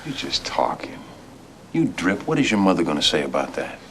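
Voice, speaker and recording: An actor playing a cheerful young gentleman caller, teasing with his friend and courteous with his elders. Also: low voice, very animated, normal speed, slight background noise, exaggerated voice. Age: young adult. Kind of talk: film drama acting.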